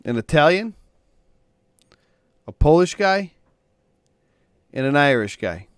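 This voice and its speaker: Chatty co-host, fairly high male voice, very lively pitch. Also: slow, smooth, dry recording, clean studio sound. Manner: friendly, joke-telling. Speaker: podcast co-host. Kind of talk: casual comedy podcast chat.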